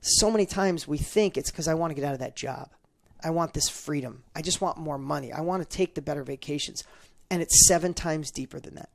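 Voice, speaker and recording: A middle-aged man talks fast, in a gravelly voice pitched a little high. He tells an emotional personal story as a show guest and stumbles over repeated words. The sound is dry and close, with no room echo. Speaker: podcast guest, entrepreneur.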